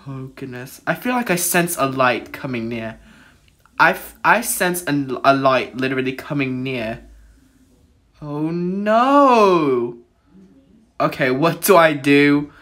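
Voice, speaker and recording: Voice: medium pitch, animated, slow, long pauses, fairly bright tone. A gamer giving let's-play commentary on a horror game, jittery and exclaiming in fright, dropping to whispers at tense moments.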